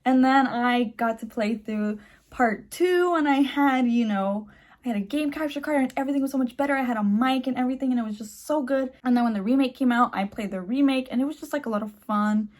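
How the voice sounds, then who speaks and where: A woman's voice: high voice, fairly quick. A young woman chatting casually and enthusiastically in a home vlog, recorded on a phone late at night, full of fillers like "like" and "um". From Mexican heritage. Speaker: channel host.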